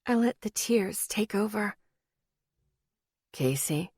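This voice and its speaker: Brief: female first-person romance narrator, unhurried, emotional, dry studio sound. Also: mid-range voice, steady tone, no room sound. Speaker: audiobook narrator.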